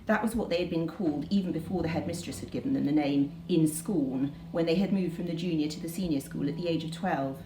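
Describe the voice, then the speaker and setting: A woman's voice: low-pitched, quick pace, hardly any pauses, echoey room, background noise. A woman teacher reading a novel passage aloud to students, then chatting about it with many hesitations. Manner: hesitant, many ums between points.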